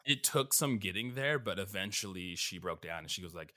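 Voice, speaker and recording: Bright lively low-voiced man chatting. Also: a little fast, hardly any pauses. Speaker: podcast co-host. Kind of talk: casual chat about a game.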